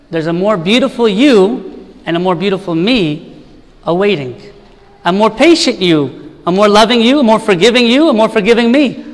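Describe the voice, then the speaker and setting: A priest preaching an earnest sermon in a church, with rhetorical questions and repeated lists. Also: male voice, sits high, long reverb tail, poor audio.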